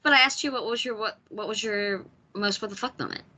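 A woman's voice: mid-range voice, fairly quick, bright, forceful tone. A woman from the United States hosting a casual film podcast, asking questions and laughing often. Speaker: podcast host.

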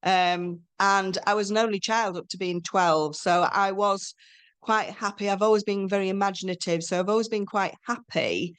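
Guest: middle-aged woman, mid-pitched, chatty and animated, acts out quotes. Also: moderate pace, smooth. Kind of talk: casual conversation.

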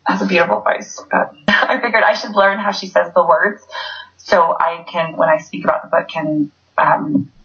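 A woman's voice: fairly low pitch, steady tone, moderate pace, a bit bright, dull audio. A woman author chatting effusively and rambling as a guest in an online interview. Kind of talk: casual interview chat. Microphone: video call.

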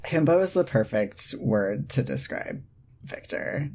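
Very low-voiced woman hosting a podcast. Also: a little slow, vocal fry, slightly rough. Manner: dry, relaxed, introduces segments. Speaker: podcast host. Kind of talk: casual podcast chat.

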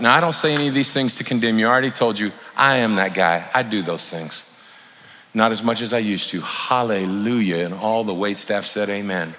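A man's voice: medium pitch, a bit bright. A man preaching a sermon in a folksy, conversational way, acting out heartfelt apologies as examples. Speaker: pastor. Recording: long hall reverb, faint room noise.

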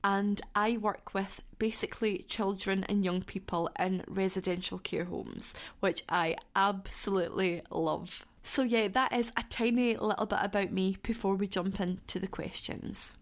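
A young Scottish woman in her twenties talks through a casual solo podcast. Her voice sits at an ordinary middle pitch, and her delivery is chatty and effusive, with the odd casual swear. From southwest Scotland. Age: 20s. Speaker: podcast host.

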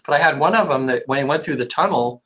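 A man, a hypnotherapist, speaking casually and rambling in an interview, with frequent throat clearing. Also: mid-range voice, fast, bright, forceful tone, low-quality recording.

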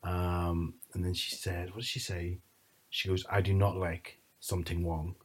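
A husky, fairly low-voiced man. He chats casually and rambles through family stories, acting out what his relatives said. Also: flat delivery, measured pace. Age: 30s. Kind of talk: casual chat.

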